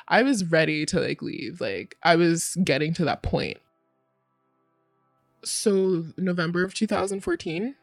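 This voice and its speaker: A woman's voice: lowish voice, no echo. A young woman frankly telling her own story in casual, candid speech, full of fillers and swearing.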